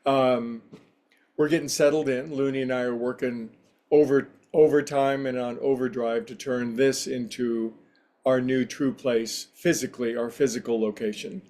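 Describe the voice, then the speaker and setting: A man's voice: mid-range voice, steady tone, moderate pace, darkish tone. A man who teaches yoga and meditation, giving a casual spiritual talk in a rambling, anecdotal, conversational way.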